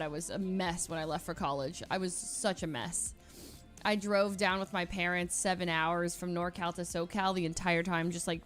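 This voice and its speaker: A woman's voice: on the low side, fairly bright tone. A young woman from Northern California, a streamer telling a long personal story in a casual, rambling way with lots of fillers.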